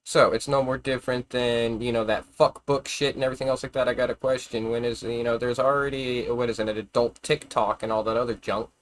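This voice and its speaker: A man holds forth on a live stream in a loose, rambling rant. He swears freely and argues his point. He trips over his words and restarts them often, and his voice sits at an ordinary middle pitch. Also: level tone, a little fast, few pauses, slight background noise. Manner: rambling, profane, argumentative, with frequent stammered restarts. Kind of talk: casual ranting monologue.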